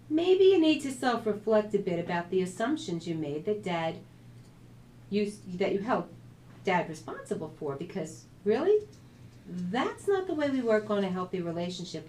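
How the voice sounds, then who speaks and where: A woman voicing a supportive mother who gives her daughter gentle, encouraging feedback. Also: mid-range voice, a little hiss or hum, natural voice.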